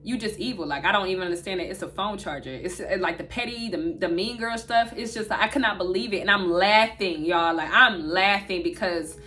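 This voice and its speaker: Animated woman telling a story to viewers. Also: medium pitch, fairly quick, few pauses, soft background music. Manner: animated, talks straight to viewers. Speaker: vlogger. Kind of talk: storytime vlog.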